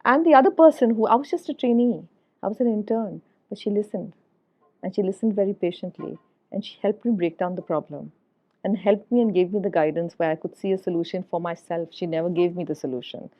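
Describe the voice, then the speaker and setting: A middle-aged woman speaks earnestly as a podcast guest, doubling words for emphasis. Her voice sits at an ordinary mid pitch. The sound is dull and lo-fi. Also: fairly quick. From India. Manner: earnest, repeats words for emphasis, frequent "you know". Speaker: guest, HR executive. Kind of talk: reflective podcast storytelling.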